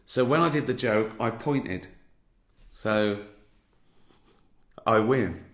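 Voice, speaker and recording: Through a phone or laptop mic with roomy home livestream audio, an English-accented comedian in his fifties spins a sardonic story and curses freely. His fairly low voice is expressive and slow-paced on this casual stream.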